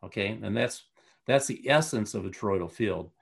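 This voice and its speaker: A man's voice: fairly low pitch, expressive, normal speed, gravelly. A man telling a long personal story in a casual interview, rambling with many fillers and restarts. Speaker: guest.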